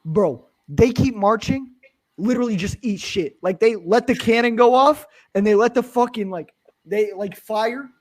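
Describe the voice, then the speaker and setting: A young man from Pennsylvania, a streamer, telling a story in casual chat with lots of swearing and animated energy. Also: high voice, moderate pace.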